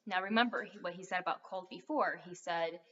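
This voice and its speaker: A woman's voice: lowish voice, a little fast, a bit bright. A young adult woman rambling through a casual vlog, full of fillers as she talks straight to her viewers. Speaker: vlogger. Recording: dull lo-fi sound.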